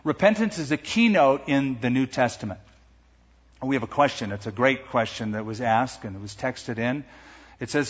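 A middle-aged man preaching a sermon to a congregation, slowing down and raising his voice on the words he stresses. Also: mid-range voice, animated, breathy edge. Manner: emphatic, slows and lifts his voice on key words. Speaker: pastor. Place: large church sanctuary. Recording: dull sound with long hall reverb.

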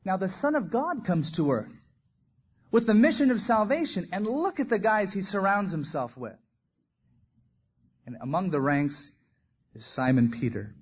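A man's voice: sits high, very animated, measured pace, long pauses, husky. A man preaching a sermon, telling stories with animation and acting out the quoted lines. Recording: dull lo-fi recording.

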